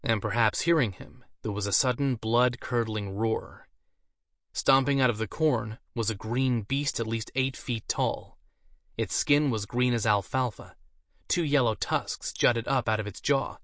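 A man's voice: medium pitch, a little slow, fairly bright tone, no room sound. Man narrating a fantasy story, dry. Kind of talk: audiobook narration.

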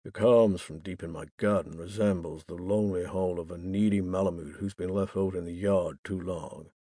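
A man's voice: low voice, steady tone, normal speed, mellow, dry recording, clean studio sound. A young man narrating a first-person novel in a wry, bitter way. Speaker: audiobook narrator.

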